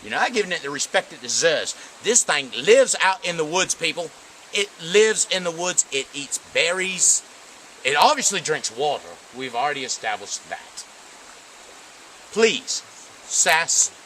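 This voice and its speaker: A man hamming it up as a pompous self-styled Sasquatch expert, lecturing and easily offended. His voice sits a little high with a bright, sharp edge. The sound comes from a camera out in the woods. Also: sing-song, unhurried, a little hiss or hum, exaggerated voice, rough recording. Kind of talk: improvised comedy role-play. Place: outdoors in the woods.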